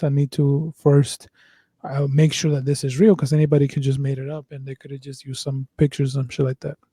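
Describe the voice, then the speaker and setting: Rambling man with a dark voice. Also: fairly high pitch, no room sound. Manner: rambling, profane, full of fillers and restarts. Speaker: podcast host. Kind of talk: casual podcast chat.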